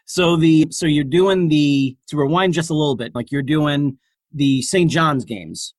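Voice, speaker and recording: A man's voice: a little high, unhurried, no echo. A man hosting an interview, asking guiding questions and encouraging his guest. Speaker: podcast host.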